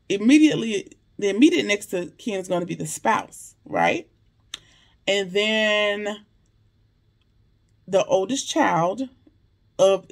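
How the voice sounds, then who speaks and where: Gravelly, animated TV recap host. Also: mid-range voice. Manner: animated, acts out characters' lines in slangy asides. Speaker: TV episode reviewer. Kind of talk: casual recap and commentary.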